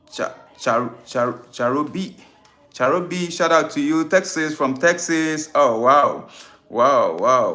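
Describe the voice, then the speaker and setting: A man hosting a spiritual live stream in casual talk. He speaks in an unhurried way, greets viewers by name and repeats phrases. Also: medium pitch, fairly bright tone.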